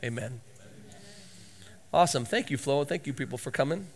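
A man pastor closing a prayer and then introducing a speaker to his church, relaxed and halting with fillers. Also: a little high, vocal fry. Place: church hall. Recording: church hall reverb.

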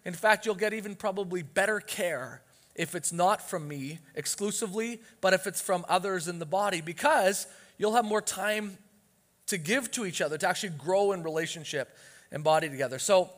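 Male pastor, high-pitched, earnest and emphatic delivery, church hall with a long echo. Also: moderate pace, a bit bright. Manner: earnest, emphatic, rising to urgency on key points. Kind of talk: sermon.

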